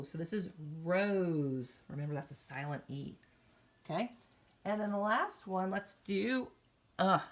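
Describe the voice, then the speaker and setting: Slow-talking woman teacher drilling vowel sounds. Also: fairly low pitch, creaky, fairly bright tone. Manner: slow, sing-song phonics drilling with drawn-out vowel sounds; encouraging, talks directly to children. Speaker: kindergarten teacher. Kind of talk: recorded morning meeting lesson for young children.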